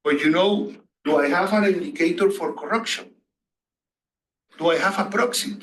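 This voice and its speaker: A man's voice: sits high, moderate pace, fairly bright tone. A man lecturing a class, asking the students questions and repeating key phrases. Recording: echoey distant room recording.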